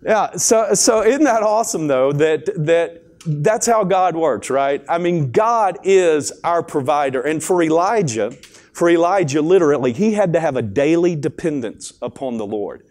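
A man's voice: fairly high pitch, expressive, moderate pace, darkish tone. A man preaching a sermon at a school chapel in a folksy, conversational storytelling manner.

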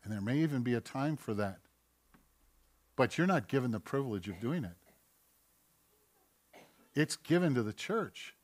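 A man preaching a sermon as pastor in a church, animated, firing rhetorical questions and acting out voices. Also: mid-range voice, moderate pace, long pauses. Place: church sanctuary.

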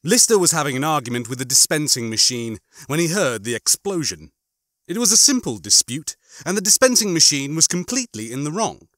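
A man hosting his channel, chatting warmly with listeners and then narrating a comic novel with enthusiasm. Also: fairly high pitch, a little fast, dry recording, studio quality. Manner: enthusiastic, animated reading. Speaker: audiobook reader and channel host.

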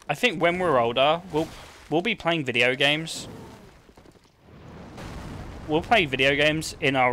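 A man's voice: medium pitch, fairly bright tone, a little hiss or hum. A young man streaming a game and chatting casually, rambling with lots of "like" and swearing. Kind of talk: casual gameplay chat.

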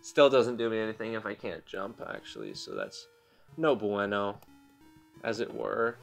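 Speaking at a moderate pace in a fairly low, sing-song voice with some vocal fry, this young gaming channel host chats through his gameplay at home. He cracks self-deprecating jokes and laughs frequently, with faint music playing behind him.

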